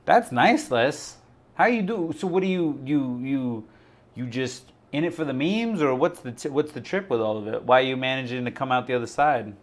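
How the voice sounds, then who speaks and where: A man's voice: medium pitch, animated, moderate pace. A man hosting a crypto live stream, talking in a rambling, chatty way full of fillers. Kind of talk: casual live-stream chat.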